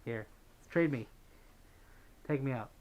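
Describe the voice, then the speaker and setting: Man, livestream host, casual chat, reads viewer messages, lots of fillers, middle pitch. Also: slow pace, darkish tone, a little hiss or hum. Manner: chatty, thanks donors, many fillers.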